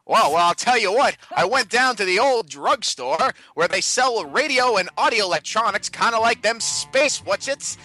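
A man putting on a fast-talking 1920s fellow, full of folksy period slang, while chatting on a podcast. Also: sits high, expressive, pushed and bright, exaggerated voice, poor audio. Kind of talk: casual podcast banter.

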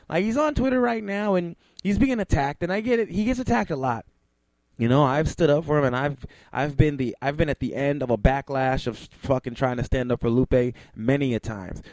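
A man's voice: a little high, normal speed, a little mellow, no room sound. A man hosting an internet radio show, ranting at length in a heated, profane, emphatic way. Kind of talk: ranting talk radio monologue.

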